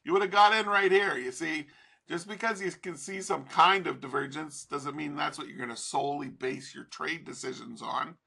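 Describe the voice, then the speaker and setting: A man's voice: fairly high pitch, moderate pace, creaky, bright, forceful tone, slightly rough. A man teaching trading over a chart in a casual, profane, rambling way, laughing often. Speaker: trading instructor.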